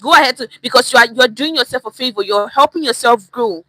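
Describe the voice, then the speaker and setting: A young Nigerian woman with a Nigerian accent teaching Pidgin English on a livestream, animated and repeating phrases to show tone. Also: on the high side, fast, dry recording, rough recording. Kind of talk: livestream lesson.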